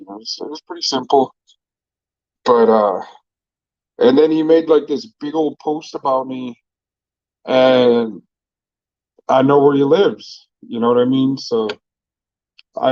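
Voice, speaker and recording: A man's voice: medium pitch, darkish tone, no room sound. A man tells stories in a loose, meandering way, full of fillers and swearing. The recording is dry and a little dull, with no room sound around him. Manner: laid-back, profane, rambling with many fillers. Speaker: restaurant owner and vlogger. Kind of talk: casual storytelling.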